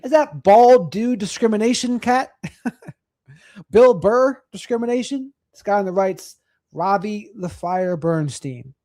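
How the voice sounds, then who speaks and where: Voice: mid-range voice, unhurried, mellow. A livestream host reading viewer chat and asking for likes, in a playful teasing way.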